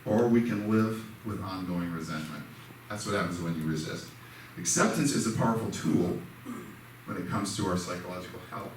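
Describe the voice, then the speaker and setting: A man's voice: deep voice, moderate pace. A man giving a casual, conversational lesson at a church, telling personal stories. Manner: conversational, self-deprecating, acts out quoted dialogue. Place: church sanctuary. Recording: echoey hall, mic far off, faint noise.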